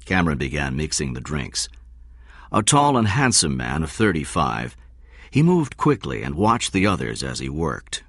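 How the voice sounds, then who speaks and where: A man narrating a story in a measured storytelling manner. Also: rumbling low, huge pitch swings, a bit bright, slightly rough, dry recording, studio quality.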